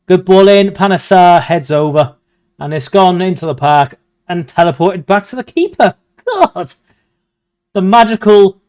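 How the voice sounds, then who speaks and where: Excitable lad commentating. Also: male voice, a little high. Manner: excitable, mock-commentator, bursts into chants. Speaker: gaming video host. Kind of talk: live commentary on a football management game.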